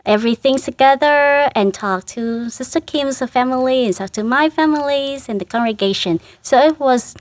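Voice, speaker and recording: A woman's voice: high-pitched, no echo. Earnest woman, religious sister guest. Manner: earnest, halting, emotional recollection. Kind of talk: interview conversation.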